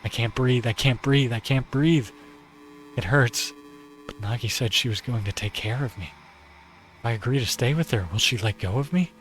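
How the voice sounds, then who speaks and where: A man's voice: mid-range voice, brisk, fairly bright tone, soft background music, lightly acted. A male streamer reading a visual novel aloud as its weary, despairing young male narrator, in a subdued and pained first-person voice. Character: weary, despairing young man being strangled.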